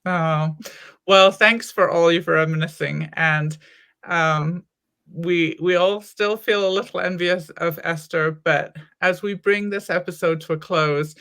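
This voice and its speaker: Podcast co-host: woman from Wales, mostly American accent with a faint Welsh edge, sharp bright tone. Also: lowish voice, fairly even intonation, measured pace. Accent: American with a faint Welsh trace. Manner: hesitant restarts. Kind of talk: casual chat.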